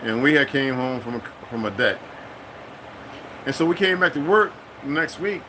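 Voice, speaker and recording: A middle-aged military veteran talking in a casual, rambling monologue, profane and streetwise, breaking into sudden high-pitched bursts. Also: male voice, animated, moderate pace, sharp tone, a little hiss or hum, poor audio.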